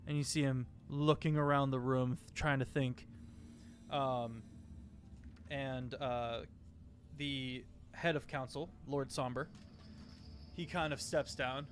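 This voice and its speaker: Slow, hesitant male game master. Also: medium pitch, steady tone. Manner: hesitant, many fillers. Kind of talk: narrating a tabletop game.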